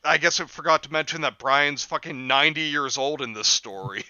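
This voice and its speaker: A man's voice: on the high side, a little fast, bright, forceful tone, clear, resonant tone, no echo. A man co-hosting a casual podcast, teasing his friends and laughing often. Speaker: podcast co-host reading chat comments. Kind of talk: casual chat. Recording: dull lo-fi mic.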